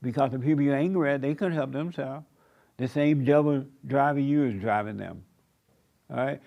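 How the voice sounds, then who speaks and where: A man's voice: medium pitch, moderate pace, creaky, dull audio. A man preaching a sermon in an emphatic, repetitive cadence with folksy turns of phrase. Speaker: pastor.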